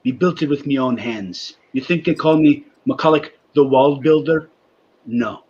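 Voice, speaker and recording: A man's voice: mid-range voice, a little slow, a little mellow, breathy edge, dull audio, voice pushed down. A man putting on the voice of a gloomy older bar regular who complains mournfully about his reputation, as part of a joke. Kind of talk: joke telling.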